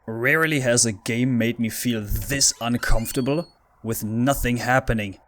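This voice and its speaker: A man's voice: mid-range voice, normal speed, fairly bright tone. A frightened man commentating a horror game playthrough, pleading with the game and talking to himself. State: scared, shaky. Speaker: gaming YouTuber.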